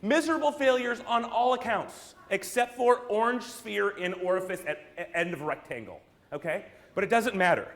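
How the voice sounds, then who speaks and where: A man's voice: high-pitched, normal speed, a bit bright. A man from the United States giving an emphatic keynote talk to a room, firing rhetorical questions and theatrical asides at the audience. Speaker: brand strategist, speaker.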